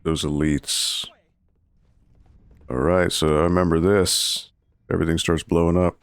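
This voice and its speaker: A man with a low, deep voice hosts a charity game stream in a relaxed, rambling way. He sounds close to a dry desk mic. He keeps pausing to thank viewers. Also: smooth, no echo. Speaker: charity livestream host.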